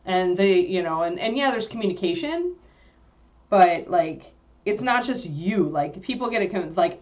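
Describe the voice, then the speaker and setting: Woman, lowish voice, casual livestream chat, rambling, filler-heavy, laughs easily. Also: animated, moderate pace, lo-fi sound. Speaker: livestream co-host answering chat.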